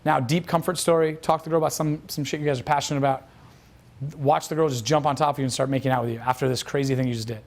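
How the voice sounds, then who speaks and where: A man's voice: mid-range voice, steady tone, very fast, creaky. A man telling a dating coach's story as a lesson, casual and profane, with lots of fillers. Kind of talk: instructional storytelling.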